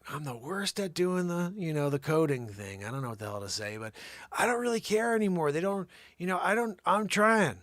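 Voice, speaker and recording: A man hosting an improvised comedy news show, rambling and joking, often dropping into low mumbles. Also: sing-song, fairly quick, a bit bright, no room sound, studio quality.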